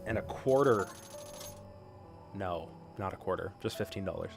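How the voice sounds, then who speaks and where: A man's voice: low-pitched, lively intonation, moderate pace, creaky, music in the background. An American man streaming a game live, chatting casually and teasing his viewers in a loose, joking way that often trails off into fillers. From United States. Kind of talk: live-stream chat while gaming.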